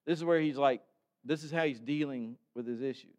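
A man preaching a sermon in a conversational way, with sudden bursts of loud emphasis. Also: mid-range voice, fairly quick. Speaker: pastor. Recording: long hall reverb.

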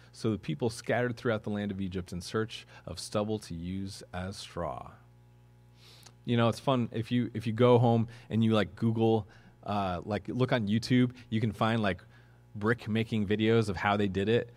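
A man's voice: lowish voice, steady tone, normal speed, darkish tone. A man preaching a sermon in a conversational way, with chuckling asides and questions to the congregation. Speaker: pastor.

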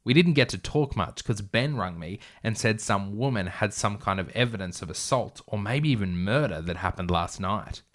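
A man's voice: on the low side, lively intonation, normal speed, hardly any pauses, a bit bright. A young man with an Australian accent who reads aloud from his childhood novel and breaks off for wry, self-mocking asides. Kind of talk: comic reading with commentary.

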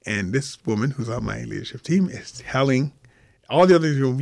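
A man's voice: medium pitch, animated, fairly quick, vocal fry, darkish tone, no echo, clean studio sound. A man telling a story as a podcast guest, acting out the other people's lines as he goes. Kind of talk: animated storytelling. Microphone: remote call.

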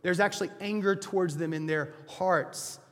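High-voiced preacher man in a reverberant hall. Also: fairly even intonation, moderate pace. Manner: conversational storytelling with frequent restarts. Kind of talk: sermon retelling a scripture story.

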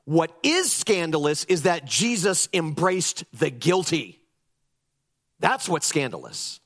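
A pastor preaches a lively sermon in a fairly high voice at a slow pace. He mocks his critics with voiced impressions and drives his points home with emphasis.

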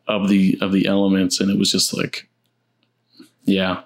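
A man in a casual movie chat, halting and repeating words as he searches for what to say. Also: deep voice, completely flat delivery, gravelly.

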